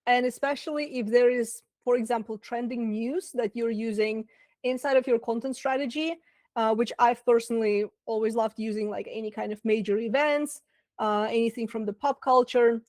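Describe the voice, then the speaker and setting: A woman's voice: a little high, steady tone, normal speed, darkish tone, dry recording. A woman with a Russian accent, a business coach giving a casual online masterclass, full of fillers and asides. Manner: chatty, lots of fillers and asides. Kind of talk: webinar masterclass talk.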